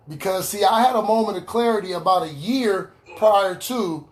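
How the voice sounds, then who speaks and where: A man's voice: high-pitched, moderate pace, hardly any pauses. A man giving an earnest personal testimony in an online recovery meeting, repeating key lines for emphasis over a video call. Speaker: recovery speaker sharing his story.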